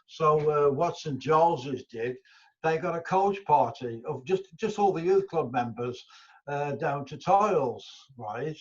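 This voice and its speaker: A man's voice: a little high, expressive, a little slow, slightly rough. An older man from England, telling stories in an interview, rambling with many restarts and fillers. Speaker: guest musician. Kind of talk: casual interview storytelling. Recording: dull lo-fi audio.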